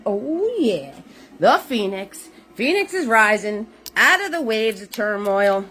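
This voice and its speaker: A woman's voice: mid-range voice, very animated, measured pace, fairly bright tone, soft background music. A woman hosting a live-streamed painting lesson, upbeat and chatty, who repeats her greetings and calls viewers sweetheart. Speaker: painting class host.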